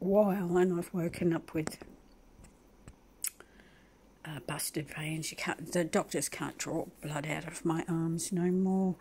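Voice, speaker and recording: A woman chats at home in an unhurried, rambling vlog and speaks very slowly. Her voice sits fairly low, and soft laughs slip into her talk. Faint household ambience hums underneath. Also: a little hiss or hum. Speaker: vlogger. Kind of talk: casual home vlog, talking to her dog. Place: at home indoors.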